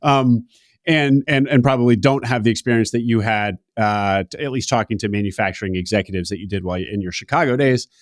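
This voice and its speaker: A man's voice: fairly low pitch, no room sound. Dry-sounding male podcast interviewer. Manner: halting, restarts questions. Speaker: podcast host. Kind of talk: interview questions.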